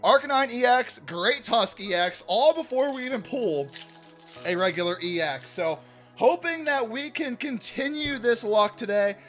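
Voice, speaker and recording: A man hosting a casual card-opening vlog, chatty and upbeat, shouting out big pulls and often restarting his sentences. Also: very high voice, lively intonation, measured pace, soft background music. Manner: chatty, hypes big pulls loudly, self-correcting restarts. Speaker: card-opening channel host.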